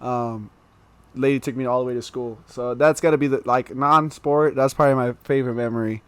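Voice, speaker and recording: A young man telling a story as a podcast guest in a casual, animated way, laughing through the funny parts. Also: medium pitch, fairly quick, clean tone, no echo.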